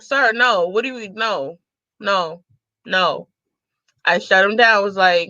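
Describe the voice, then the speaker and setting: Woman, thirties, sassy vlog storyteller, slow and bright, dry dull-sounding mic. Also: on the high side, no room sound. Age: 30s. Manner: sassy, animated, laughs often. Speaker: vlogger. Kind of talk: casual storytelling to viewers.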